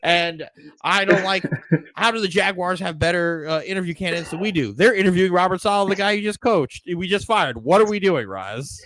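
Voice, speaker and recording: A man's voice: high voice, a little fast. A man co-hosting a sports podcast, ranting casually and swearing often. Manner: profane, animated ranting. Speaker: podcast co-host.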